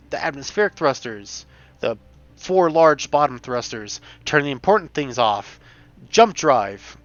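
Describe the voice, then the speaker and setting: A man talks through his game in a rambling way, full of restarts, and sometimes races ahead in fast bursts. His voice is bright and forward. The sound is dull and lo-fi, with a dry close mic. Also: a little high, dry recording. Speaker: gamer. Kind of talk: casual gameplay commentary. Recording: dull home mic recording.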